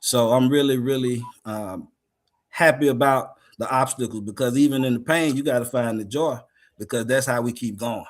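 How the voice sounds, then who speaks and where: A man on an educators' panel talks slowly and thoughtfully, stopping often to gather his words. His voice sits at an ordinary middle pitch, and he sounds grateful and steady as he works through his points. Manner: measured, grateful, many "uh" pauses. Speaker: education consultant and panel guest. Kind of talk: reflective panel talk.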